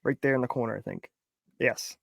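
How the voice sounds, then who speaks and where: A man's voice: medium pitch, brisk, creaky, no room sound, studio quality. A man co-hosting a casual chat, arguing his point and cracking crude jokes. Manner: argumentative, crude joking. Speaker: co-host.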